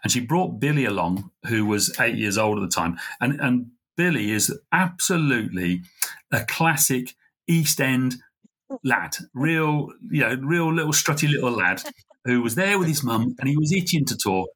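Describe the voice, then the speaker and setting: A middle-aged man, a podcast guest, telling a heartfelt story in an earnest, halting way. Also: medium pitch, expressive, a bit bright, breathy edge. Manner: earnest, halting, full of fillers and restarts. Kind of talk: conversational storytelling.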